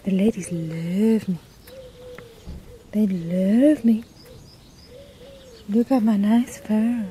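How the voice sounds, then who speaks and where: Une femme qui fait parler un chat vaniteux. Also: female voice, mid-range voice, fairly even intonation, drawn-out words, warm tone, a little hiss or hum. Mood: smug. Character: vain, smug male house cat. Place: garden, outdoors.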